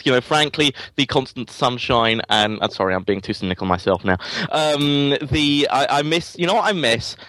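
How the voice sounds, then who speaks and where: An Englishman whose accent has softened toward American chats casually as an interview guest, tripping over his words and making self-deprecating asides. His medium-pitched voice is expressive and fairly bright, at a normal speed, with no room sound.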